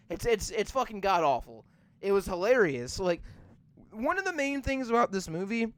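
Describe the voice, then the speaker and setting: Young guy on a podcast mic, high clear voice, cussing nonstop while he rants, dry sound. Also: a bit bright, no echo. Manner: swears constantly, ranting, mocking. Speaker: podcast host. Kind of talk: profane casual movie rant.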